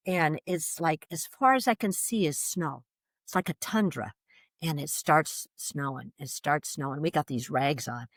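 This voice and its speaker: Lively woman telling a personal story. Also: deep voice, dry recording, clean studio sound. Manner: animated, vivid retelling with restarts and laughs. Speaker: guest.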